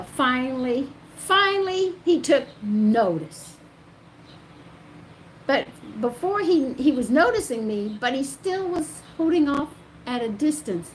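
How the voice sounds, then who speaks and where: An older grandmother telling the story of her own life, animated and emotional. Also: mid-range voice, gravelly, a little hiss or hum, rough recording. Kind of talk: personal storytelling.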